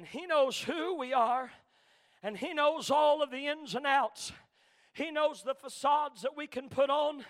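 A man preaching a sermon, his voice unusually high-pitched and bright. He roars through the shouted passages, then drops low into quiet stories, calling out congregation members by name in a rolling preacher cadence. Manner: fiery preaching that swings between shouted climaxes and quiet storytelling. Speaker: pastor.

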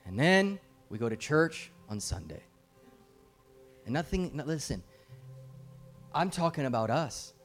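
A man's voice: a little high, big pitch swings, unhurried, long pauses, faint music behind. A middle-aged man preaching a fervent, urgent sermon as a guest preacher, his volume swelling and dropping as he presses his points.

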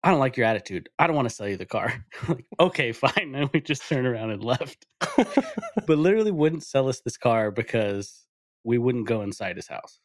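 A man co-hosting a casual podcast, telling a story with animated quoted voices. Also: mid-range voice, normal speed, no room sound, studio quality. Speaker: podcast co-host.

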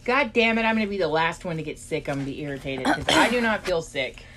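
A woman's voice: on the low side, lively intonation, quick pace, a bit bright. A young woman co-hosting a casual podcast, swearing freely and teasing in a playful, sarcastic way. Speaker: podcast co-host. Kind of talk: casual chat.

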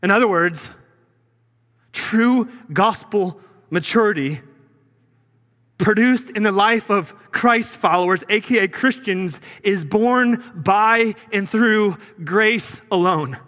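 Guy preaching in a church, bright ringing voice, big reverb. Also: takes it slowly. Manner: earnest preaching, drops low and quiet for emphasis. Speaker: pastor. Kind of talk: sermon.

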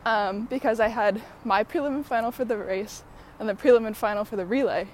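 A woman's voice: on the high side, fairly quick, hardly any pauses, a little hiss or hum. Breathless woman chatting while walking. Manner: many fillers, laughs often while talking. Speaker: podcast host. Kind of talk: casual rambling chat.

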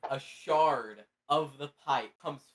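A man's voice: on the high side, slow pace. Offhand young man on a call. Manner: offhand, apologetic, dry jokes. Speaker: podcast co-host. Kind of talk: casual chat. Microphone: online voice call.

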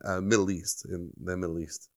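A man's voice: deep voice, flat delivery, fairly quick, a little mellow. An American man co-hosting a podcast in casual chat, easygoing and rambling, with plenty of fillers and restarts. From United States. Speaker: podcast co-host.

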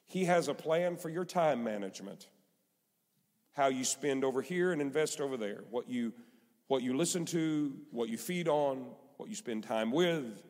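A man's voice: mid-range voice, expressive, moderate pace, darkish tone. A male pastor preaching a sermon, emphatic and repetitive, in a church sanctuary. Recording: long hall reverb.

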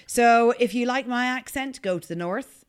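A woman with a Northern Irish accent hosting a podcast, bantering and teasing her guests in quick, lively chat. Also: fairly high pitch, clear, resonant tone. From Northern Ireland. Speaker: podcast host.

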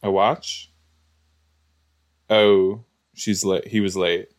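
A man's voice: deep voice, flat delivery, extremely slow. A man giving casual, exclamatory commentary while reacting to a show, talking back to the screen. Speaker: reaction video host.

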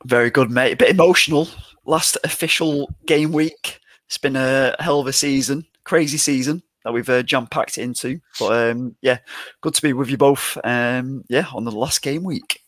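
A man's voice: mid-range voice, normal speed, a bit bright, no room sound. Easygoing man co-hosting. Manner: easygoing, filler-heavy, upbeat. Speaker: podcast co-host. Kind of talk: casual chat.

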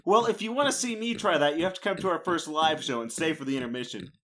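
A man's voice: on the high side, quick pace, fairly bright tone, slight background noise. A young man co-hosting a podcast, swearing a lot and sounding sarcastic and exasperated in casual banter. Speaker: podcast co-host.

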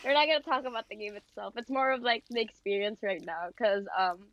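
Young woman, podcast co-host, casual chat, high-ish voice, gushing, muffled lo-fi recording. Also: a little fast, no room sound. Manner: animated, gushing, self-deprecating jokes. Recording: dull lo-fi recording.

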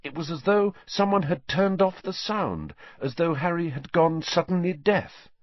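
Expressive husky male audiobook narrator. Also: a little high, moderate pace, no room sound. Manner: dramatic, shifting pace with the action. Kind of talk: storybook audiobook reading. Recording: dull dry lo-fi sound.

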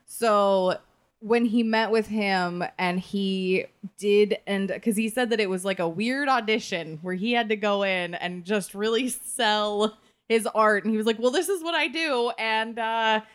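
A woman co-hosting a podcast, talking in an earnest, emotional, halting way in casual chat. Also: medium pitch, fairly even intonation, clear, resonant tone. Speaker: podcast co-host.

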